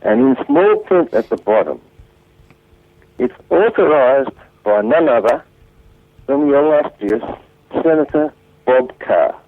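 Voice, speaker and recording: A man co-hosting talk radio, agreeable and animated. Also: mid-range voice, takes it slowly, creaky, long pauses, narrow, tinny audio. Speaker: radio co-host.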